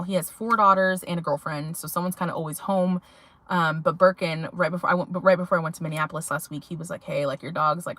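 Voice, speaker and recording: A woman's voice: medium pitch, a bit bright. A young adult woman vlogging to her viewers, telling a rambling story in a chatty way with many fillers. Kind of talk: casual chat to viewers.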